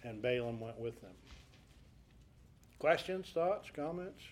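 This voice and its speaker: A man teaching a Bible study class. He retells scripture in a conversational, storytelling way, asks rhetorical questions, and gives the quoted dialogue lively voices. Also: medium pitch, slow.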